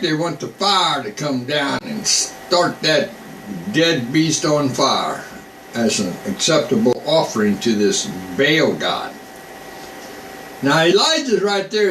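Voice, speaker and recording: A man preaching in a relaxed, unhurried way, moving between scripture readings and casual asides. His voice sits a bit high and comes from some distance off the mic. The room is echoey, with a faint air-conditioning hum underneath. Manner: folksy, slow, reads scripture then comments. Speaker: preacher on a live online broadcast. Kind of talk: informal Bible teaching.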